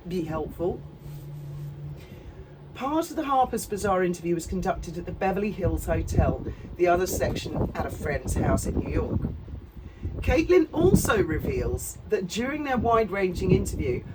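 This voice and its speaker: A woman's voice: mid-range voice, distant mic, very noisy. A middle-aged woman, giving a sarcastic, profane commentary with laughing asides. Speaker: commentary channel host. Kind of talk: casual commentary.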